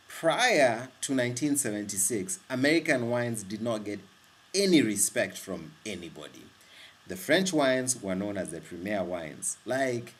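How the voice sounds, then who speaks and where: A man from Kenya talking about wine in a casual monologue, rambling and animated, often restarting his sentences. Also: mid-range voice. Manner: rambling, with frequent restarts and self-corrections; animated and excitable. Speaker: wine vlogger.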